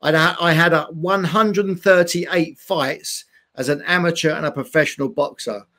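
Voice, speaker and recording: A man's voice: a little high, normal speed, bright, forceful tone. A man, a former boxer, earnestly telling his life story in an interview. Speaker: guest, former boxing champion.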